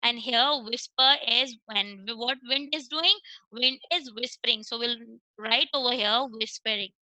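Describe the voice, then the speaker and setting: A woman's voice: fairly high pitch, unhurried, sharp tone, no echo, poor audio. A woman teacher with an Indian accent giving an online class, explaining step by step and mixing English with Hindi. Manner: explains step by step, switching between English and Hindi, checks with "okay".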